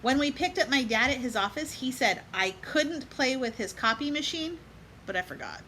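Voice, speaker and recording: Bright-voiced woman reading to kids. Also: high-pitched, lively intonation, a little hiss or hum, poor audio. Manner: pauses to add gentle life lessons for kids and moms; invites listeners to chant along. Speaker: storybook reader. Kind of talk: reading a picture book aloud to children.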